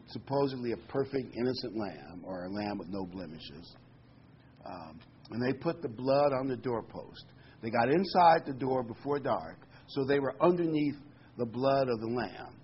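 A man's voice: medium pitch, dull audio, slight background noise. A middle-aged male pastor preaching a folksy, conversational sermon with asides and corny jokes.

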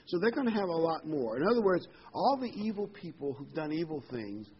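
A man with a husky, slightly breathy voice gives a sermon in a relaxed, conversational way. His pitch jumps up when he stresses a point. The recording sounds dull and lo-fi. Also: fairly quick. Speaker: preacher.

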